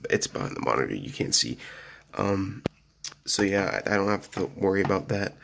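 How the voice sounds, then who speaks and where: Low gravelly casual man reviewing gear. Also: big pitch swings, normal speed, a bit bright, slight background noise. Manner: rambling, filler-heavy, lots of "so yeah". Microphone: phone camera.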